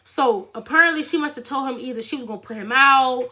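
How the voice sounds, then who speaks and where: A woman's voice: high voice, quick pace, bright, forceful tone. A young woman vlogger rambling through a personal storytime in a casual, chatty way, full of fillers and "like".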